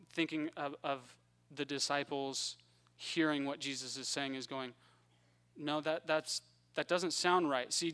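A man preaching a conversational Bible-teaching sermon, acting out the characters in quick voices. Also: a little high, a bit bright.

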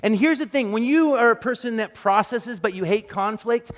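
Man preaching in a reverberant hall. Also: very high-pitched. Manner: animated, self-deprecating storytelling with quick acted quotes. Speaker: pastor. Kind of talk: sermon. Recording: long reverb of a large hall.

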